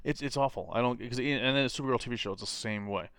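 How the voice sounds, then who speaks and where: A man chatting casually about comics, animated and quick to mimic characters in silly voices. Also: mid-range voice, clear, resonant tone, dry recording. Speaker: comic book podcast co-host. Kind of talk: casual chat.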